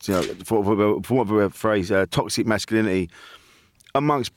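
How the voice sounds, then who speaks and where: A man's voice: on the low side, moderate pace, a little hiss or hum. A man hosting a podcast in casual chat, chatty and swearing freely, with many restarts. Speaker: podcast host.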